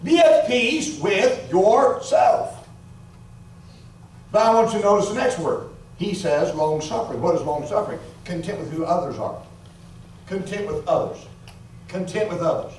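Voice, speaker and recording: A man in his forties preaches a revival sermon in a church, his voice high for a man. He tells his stories with animation and keeps calling out to the congregation. He is picked up from a distance, with heavy echo in the room. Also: slight background noise. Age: 40s. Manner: storytelling, animated, calls out to the congregation. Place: church sanctuary. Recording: echoey church hall from far off.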